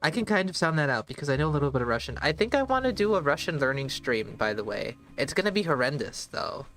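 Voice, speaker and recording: A man's voice: a little high, sing-song, a bit bright, faint music behind. Man thinking aloud over a game. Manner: thinks aloud, slow and halting, spells words out. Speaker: streamer. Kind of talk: casual live gameplay commentary.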